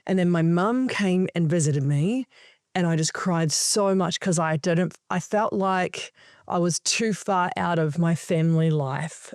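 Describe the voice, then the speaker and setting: Woman coach, lively storyteller, swears freely, dry close sound, podcast guest. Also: on the low side, unhurried, dry recording. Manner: animated storytelling, frequent swearing. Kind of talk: casual podcast conversation.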